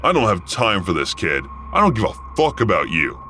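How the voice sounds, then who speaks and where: A man voicing a rude, panicky male truck driver who curses a lot, in an animated horror story. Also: low-pitched, brisk, slight background noise, full character voice. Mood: angry, rude. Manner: brusque, cursing.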